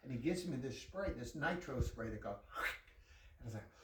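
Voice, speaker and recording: A man telling a profane, animated story full of quoted dialogue in a casual chat with a friend. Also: medium pitch, fairly quick, reverberant, distant mic, noisy background. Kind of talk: casual anecdote told to a friend.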